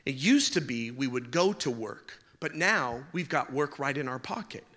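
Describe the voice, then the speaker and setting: A man's voice: mid-range voice, expressive, normal speed, bright, forceful tone, in a large hall. A man preaching a sermon, mixing jokes and everyday stories into his message in a conversational way. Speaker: pastor.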